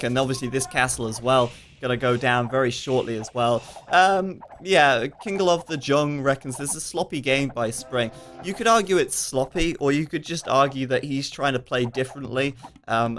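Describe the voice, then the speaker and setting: Man, live game commentator, casual chatty delivery, reads viewer chat, frequent fillers, ordinary middle pitch. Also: fairly bright tone, slight background noise. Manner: quick asides and frequent fillers. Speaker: esports commentator.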